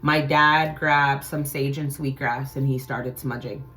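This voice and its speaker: A woman's voice: very deep voice, fairly even intonation, a little slow, a bit bright. A woman hosting a vlog, telling a frightening personal story in an intense, profane, dramatic way. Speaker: channel host.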